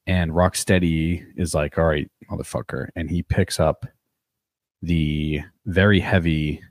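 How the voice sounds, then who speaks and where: A man's voice: low voice, no room sound, studio quality. A man co-hosting a podcast, recapping a cartoon episode in casual chat, swearing freely as he tells it. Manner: swears casually, animated storytelling. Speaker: podcast co-host.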